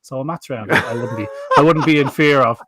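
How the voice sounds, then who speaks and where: A man's voice: mid-range voice, fairly bright tone, no echo, clean studio sound. A man co-hosting a pet-health show, bantering and teasing his colleagues over drinks. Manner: quick, teasing, self-mocking. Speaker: vet co-host of a live pet-health show.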